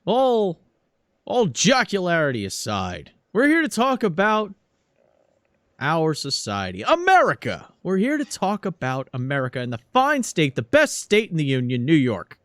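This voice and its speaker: A man voicing a bigoted male politician giving a loud, pompous rally speech. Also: fairly high pitch, huge pitch swings, normal speed, no room sound, clean studio sound, voice pushed up. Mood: rousing. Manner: loud, pompous, crowd-rousing.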